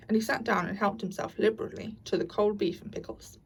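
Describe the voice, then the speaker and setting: A woman narrating a classic children's story aloud, in a lively, expressive reading style. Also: mid-range voice, brisk, gravelly, few pauses, slightly rough, distant mic, poor audio.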